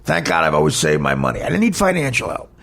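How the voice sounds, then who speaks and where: A man's voice: mid-range voice, huge pitch swings, fast talker, vocal fry, fairly bright tone. A man, a comedian hosting a podcast, telling a candid personal story in a blunt, emphatic, heated way.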